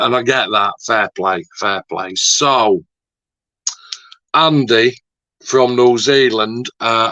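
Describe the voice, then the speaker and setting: Bloke rambling on, bright edgy voice, dry dull lo-fi sound. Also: male voice, mid-range voice, no echo. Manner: chatty, rambling, swears lightly. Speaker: YouTube host. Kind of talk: casual chat.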